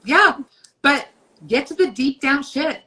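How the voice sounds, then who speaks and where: A woman in her fifties co-hosting a casual podcast chat, talking bluntly and emphatically, swearing freely and acting out inner voices in quick asides. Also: high-pitched, pushed and bright, poor audio. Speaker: podcast co-host.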